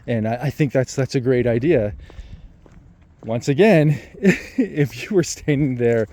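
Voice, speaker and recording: A man vlogging, telling a personal story in a reflective, hesitant way with many pauses and restarts. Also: medium pitch, dark tone.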